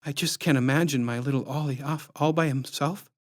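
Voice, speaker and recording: A man's voice: a little high, fairly even intonation, fairly quick, close to an everyday voice. A man reading a storybook aloud, voicing a worried, flustered mother in an anxious, hesitant tone.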